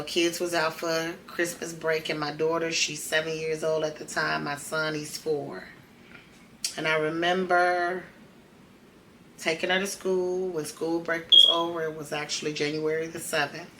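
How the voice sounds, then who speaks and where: Lady podcaster telling her life story, low but bright voice, bit of room hum behind. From Chicago. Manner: emotional, conversational, acts out quoted dialogue. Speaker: podcast host. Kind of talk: personal storytelling.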